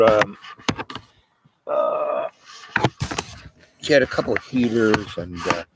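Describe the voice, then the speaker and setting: A man telling a long, rambling personal story, full of asides and trailing fillers. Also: lowish voice. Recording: noisy background hiss.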